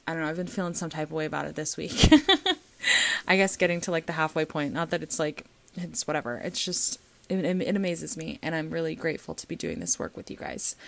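A woman's voice: lowish voice, vocal fry. A young adult woman, hosting her own podcast and coaching on birth prep. She talks in a chatty, heartfelt way with lots of fillers. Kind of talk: casual solo podcast talk.

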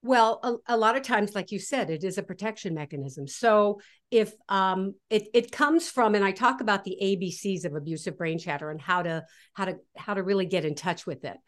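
A woman guest in a casual interview, explaining her ideas with animated, lively delivery and acting out inner voices. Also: medium pitch, brisk. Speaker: guest author.

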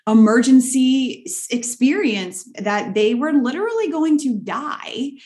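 A woman guest in a conversational interview, telling her story in an earnest, animated way. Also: sits high, unhurried. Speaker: guest, leadership author.

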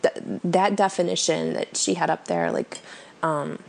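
Homeschool podcast lady, gravelly fry, laughs a lot while she talks. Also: on the low side, very animated, unhurried, darkish tone. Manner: chatty storyteller, laughs often. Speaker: podcast co-host. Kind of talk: casual chat.

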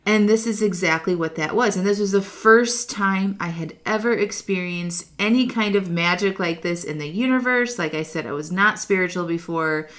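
A woman life coach shares a personal story in a casual, heartfelt monologue, speaking directly to her listeners and sprinkling in lots of "like." Her mid-range voice moves at a moderate pace with hardly any pauses and a fairly bright tone.

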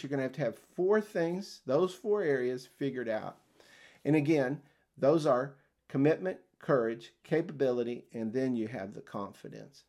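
An older man hosting a career podcast, telling a story in a casual, animated way, acting out quoted conversations and chuckling often. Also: on the high side. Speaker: podcast host and career coach.

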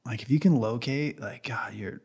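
A man hosting a podcast, relaxed and casual, mostly chiming in with short agreeing replies. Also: mid-range voice, normal speed, creaky. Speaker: podcast host.

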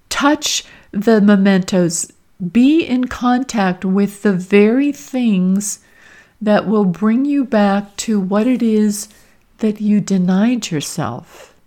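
A woman's voice: mid-range voice, a little mellow. A middle-aged woman hosting her own podcast as a career coach, speaking earnestly and from the heart in a reflective personal monologue. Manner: slow, earnest and heartfelt, with emotional emphasis.

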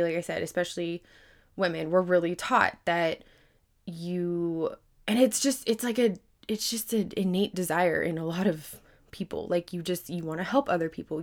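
Woman, podcast host, slightly low voice, casual rambling monologue, fillers and swearing, earnest and emphatic. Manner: earnest, grows emphatic and animated when making a point.

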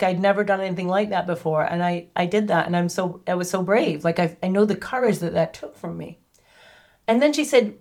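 A woman hosting a podcast, telling a personal story in a candid, chatty way with plenty of asides. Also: mid-range voice. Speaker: podcast host.

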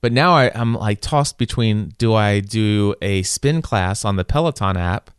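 Rambling low-voiced man, casual chat. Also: measured pace, smooth, dry recording, clean studio sound. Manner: rambling, many restarts and repeated words.

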